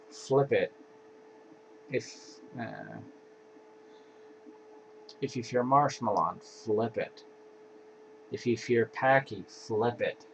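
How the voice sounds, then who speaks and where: A man casually walking through his card game deck in an offhand, laid-back way, with sighs and yawns between cards. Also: lowish voice. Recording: dull lo-fi home recording with faint hiss.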